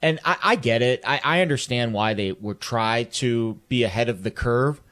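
A man's voice: medium pitch, moderate pace, a bit bright. A man co-hosting a sports talk show, rambling and joking while he hunts for words.

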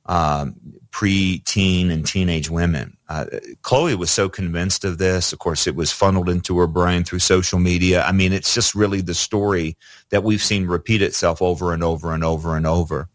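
A man's voice: deep voice, no room sound, clean studio sound. A man speaking as a radio interview guest, earnest and conversational, with frequent fillers and restarts. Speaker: radio guest, ministry president.

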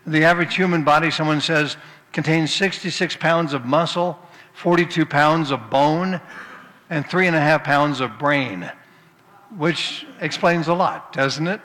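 A man's voice: a little high, unhurried, pushed and bright, long reverb tail. A man preaching a sermon, telling folksy jokes and anecdotes before turning to scripture. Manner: folksy storytelling, tells jokes then turns to scripture.

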